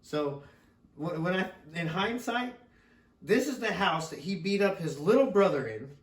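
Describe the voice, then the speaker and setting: High-pitched and expressive, a middle-aged father takes his time telling a meandering story on a podcast. He laughs a lot and swears freely, and the audio sounds roomy from a distant microphone.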